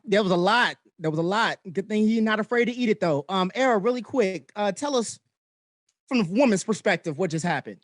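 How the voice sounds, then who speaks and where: A host leading a comedy show with a laid-back manner and quick affirmations. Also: medium pitch, animated, no room sound, clean studio sound. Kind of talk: casual show hosting.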